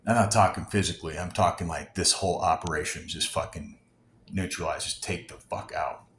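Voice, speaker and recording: A deep-voiced man rants straight into his camera, heated and profane, circling back and restarting his sentences. Now and then he drops to a hushed, near-whispered tone. The sound is roomy and echoey, with a faint hum of background noise. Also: brisk. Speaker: vlogger. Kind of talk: angry unscripted rant.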